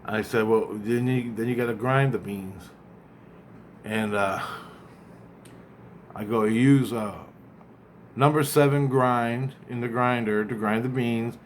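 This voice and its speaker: A man casually retelling a dream, rambling and acting out both sides of the conversation, often halting and repeating words. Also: mid-range voice, fairly even intonation, slight background noise.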